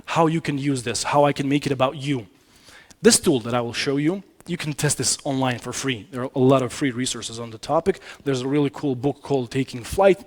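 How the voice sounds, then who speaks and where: A man presenting a business communication talk at a conference, speaking straight to the audience in a conversational way, often correcting himself mid-sentence. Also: mid-range voice. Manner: conversational, addresses audience directly, frequent self-corrections. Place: conference stage.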